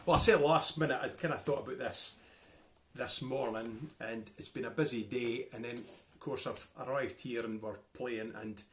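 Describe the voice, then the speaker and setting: A man's voice: mid-range voice, normal speed, fairly bright tone. A Scottish man, a fiddler and co-host, chatting in a dry, offhand way on a live stream. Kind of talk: casual chat on a live stream. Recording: echoey room with background noise.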